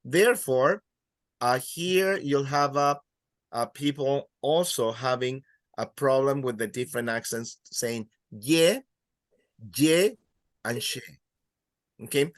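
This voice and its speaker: Slow, patient male teacher. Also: medium pitch, dry recording. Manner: patient, repeats words slowly for students. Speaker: Spanish teacher. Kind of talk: classroom teaching.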